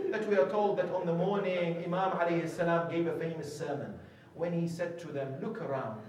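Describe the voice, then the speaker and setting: A man preaches a dramatic sermon, his high voice climbing to emotional, near-shouted peaks. He asks the crowd rhetorical questions as he tells the story. He is heard from a distance in a very echoey hall. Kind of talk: impassioned sermon narration.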